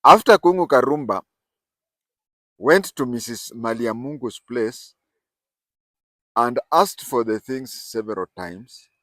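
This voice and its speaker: An older man, telling history stories in casual talk with animated emphasis. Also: mid-range voice, takes it slowly, long pauses, no echo. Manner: animated, rising and falling emphasis. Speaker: storyteller host. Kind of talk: casual spoken storytelling.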